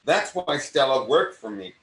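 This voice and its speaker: An older man with a mid-Atlantic accent, an acting coach talking in an animated, rambling way. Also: medium pitch, normal speed, far from the mic. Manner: animated, rambling, self-interrupting. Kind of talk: casual conversation. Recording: echoey room, away from mic.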